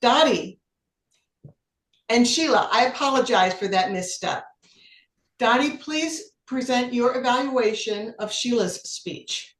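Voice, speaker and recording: A woman's voice: a little high, takes it slowly, fairly bright tone, reverberant. A woman acting as general evaluator at a speaking club meeting, giving encouraging feedback on a speech. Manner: encouraging, apologetic when corrected.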